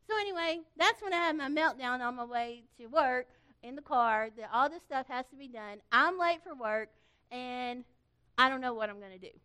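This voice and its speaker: High-voiced, animated middle-aged woman. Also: moderate pace, clean tone. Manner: animated storytelling, acting out quoted voices; folksy, earnest. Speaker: church camp organizer thanking volunteers. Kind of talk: informal church address.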